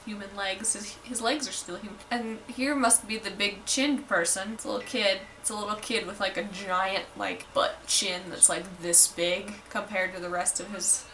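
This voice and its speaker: Bright-voiced chatty woman reacting to anime. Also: mid-range voice, steady tone, normal speed, few pauses, recorded from a distance, rough recording. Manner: chatty, lots of "like", wry asides. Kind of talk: casual reaction commentary. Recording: voice a bit off-mic with faint noise.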